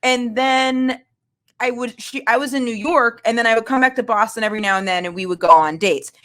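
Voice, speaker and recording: A woman's voice: on the high side, a little fast, a bit bright. A woman guest telling a candid, self-mocking dating story in a rambling way, full of filler words. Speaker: guest comedian.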